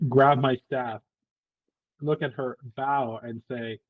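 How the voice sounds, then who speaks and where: A man's voice: medium pitch, steady tone, slow pace. Male player, casual, hesitant, heard over a tinny phone-like line. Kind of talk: casual tabletop play. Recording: tinny call audio.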